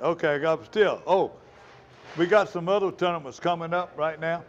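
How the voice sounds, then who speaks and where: Man, fishing show host, rambling folksy chat, slightly high voice. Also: moderate pace, highs cut off, a little hiss or hum. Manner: rambling, folksy, talks with mouth full. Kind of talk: casual chat.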